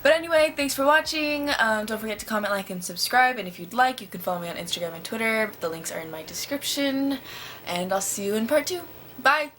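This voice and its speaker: A woman vlogger telling a story to camera in an excited, gushing way, with lots of "like". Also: on the high side, fast, noisy background.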